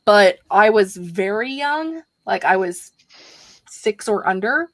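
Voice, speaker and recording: A woman's voice: mid-range voice, expressive, slow, dry recording. A young adult woman chatting casually on a video call, rambling animatedly with lots of fillers. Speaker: livestream host. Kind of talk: casual group video chat.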